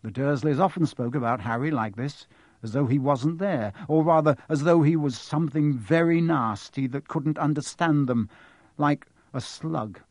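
A male audiobook narrator reads in an expressive, animated way. His voice sits a little higher than most men's, and the recording is close and dry with no room echo.

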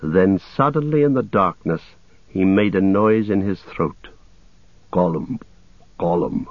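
A man narrating a story in a steady, measured reading voice. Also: on the low side, no echo. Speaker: audiobook narrator. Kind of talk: scripted narration. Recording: tinny phone-like sound, dry.

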